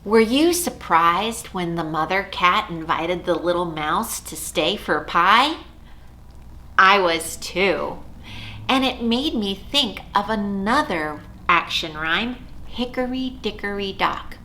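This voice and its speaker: A woman librarian leading a storytime for young children, animated and sing-song, asking the kids questions. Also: mid-range voice, slow, a little hiss or hum.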